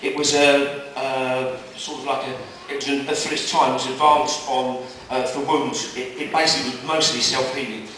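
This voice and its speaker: A man doing stand-up, telling jokes in a brisk storytelling manner and jumping his pitch up for quoted characters. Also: little pitch movement, a bit bright, slight background noise. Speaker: stand-up comedian. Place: live comedy venue. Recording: echoey live room, mic at a distance.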